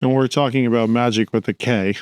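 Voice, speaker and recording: Joking male co-host, mid-pitched. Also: steady tone, fairly quick, darkish tone, clear, resonant tone, no echo. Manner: joking asides, chimes in. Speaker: podcast co-host. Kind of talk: casual podcast conversation.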